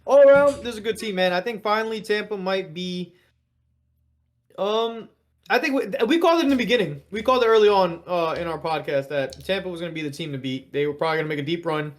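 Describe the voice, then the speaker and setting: A podcast co-host in casual sports chat, excitable and swearing, with the voice jumping up when worked up. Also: quick pace. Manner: excitable, swearing, pitch jumps up when fired up.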